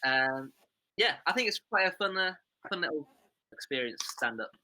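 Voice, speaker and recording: A man's voice: a little high, animated, moderate pace, sharp tone. A man talking casually as a comedy podcast guest, rambling and self-deprecating with many fillers. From England.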